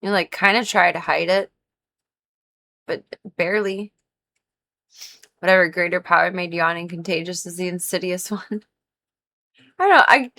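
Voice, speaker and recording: A woman's voice: fairly low pitch, pushed and bright. A young woman hosting a casual gaming livestream, chatting in a rambling way full of "like", sleepy and a little stuffy-nosed. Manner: rambling, chatty, many "like" fillers. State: sleepy, yawning, stuffy nose. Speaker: livestream host. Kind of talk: casual gaming stream chat.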